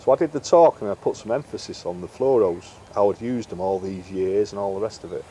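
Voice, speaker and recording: A man's voice: lowish voice, fairly quick, warm tone, a little hiss or hum. A middle-aged man, a guest in an interview, telling fishing stories in a chatty way and acting out the dialogue. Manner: chatty anecdotal, acts out quoted dialogue. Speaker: interview guest, carp angler and bait maker. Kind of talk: casual storytelling interview.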